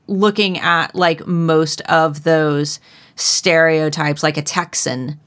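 Lower-voiced woman from Ohio chatting. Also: steady tone, slow pace, fairly bright tone. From Ohio, USA. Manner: rambling, many restarts and fillers. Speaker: podcast co-host. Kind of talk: casual book-discussion chat.

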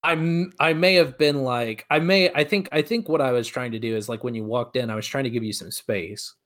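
Young man, mid-pitched, hesitant, restarts his sentences, casual. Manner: halting, restarts often, trails off softly. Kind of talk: casual chat.

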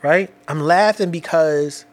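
Man with kids, casual personal storyteller, lively street slang, slightly higher pitch. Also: takes it slowly. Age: adult with children. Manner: animated, slangy, repeats himself and restarts.

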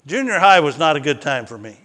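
A man's voice: on the high side, very animated, fast talker, bright, forceful tone, long reverb tail. A male pastor preaching a sermon, mixing personal stories with emphatic, rising declarations.

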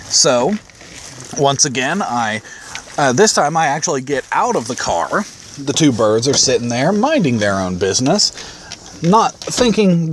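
A man's voice: mid-range voice, sing-song, a little slow, a little hiss or hum. A man telling a rambling, self-amused anecdote casually, with restarts and chuckles. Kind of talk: casual storytelling.

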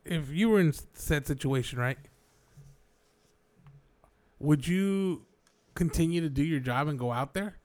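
A man co-hosting a casual chat, relaxed, asking questions and filling his talk with "like". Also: on the high side, a little slow, pauses often. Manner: relaxed, asks questions, lots of "like" and restarts. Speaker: podcast co-host.

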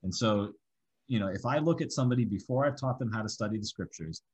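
A man's voice: lowish voice, fast, a little mellow, slightly rough, rough recording. A man teaching a Bible study method, explaining step by step and working through examples.

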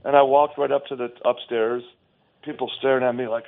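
A man's voice: mid-range voice, flat delivery, brisk. A man talking emphatically and scornfully as a guest on a talk show, often restarting his sentences, heard over a phone line.

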